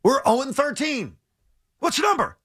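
A man with a high, bright voice that swings up and down as he talks sports on the radio. He sounds exasperated and hammers his points home by repeating them. The studio sound is dry and close. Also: moderate pace, dry recording. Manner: animated, exasperated, emphatic repetition. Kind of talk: heated sports talk.

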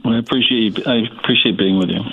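A man from Connecticut, a nonprofit president, speaking calmly as a radio guest over the phone. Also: lowish voice, quick pace, gravelly, breathy edge. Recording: tinny phone line.

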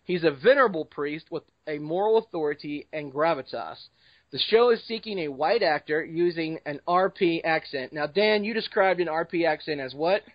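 A man's voice: on the high side, expressive, moderate pace, no room sound, highs cut off. A man hosting a casual podcast. He jokes and talks informally as he leads the discussion. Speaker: podcast host.

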